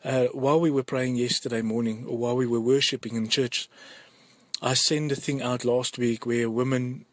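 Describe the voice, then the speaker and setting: A man giving an urgent, earnest testimony to his church, halting and often repeating his words. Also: medium pitch, little pitch movement, dry recording. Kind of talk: urgent spoken testimony to a congregation.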